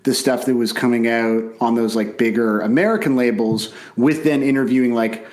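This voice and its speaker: A man's voice: medium pitch, steady tone, moderate pace, a little mellow. Podcast co-host, man in his thirties, from Canada; rambling, self-deprecating, swears freely; remote call mic. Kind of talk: casual podcast chat over a call.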